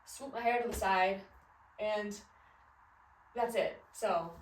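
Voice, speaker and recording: A woman's voice: mid-range voice, takes it slowly, slight background noise. Woman in her thirties, casual rambling vlog chat, roomy echo, slightly off-mic. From American Midwest. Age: 30s. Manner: chatty, rambling, many fillers and laughs. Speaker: fashion vlogger. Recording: roomy, a little distant from the mic.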